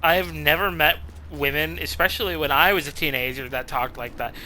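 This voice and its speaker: A man's voice: a little high, steady tone, normal speed, sharp tone, a little hiss or hum. Cursing young man streaming a game. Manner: swears a lot, laughs at his own jokes. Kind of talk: casual gameplay commentary.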